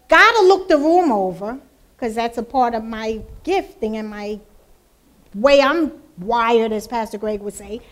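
Woman, church testimony speaker; high voice, lively storyteller who plays out the dialogue. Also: measured pace. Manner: lively, acts out quoted dialogue.

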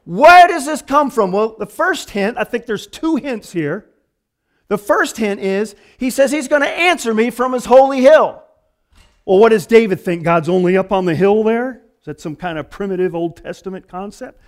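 A man's voice: sits high, lively intonation, normal speed. A man preaching a conversational sermon in a casual, folksy way, often saying "man" and "you know". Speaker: pastor.

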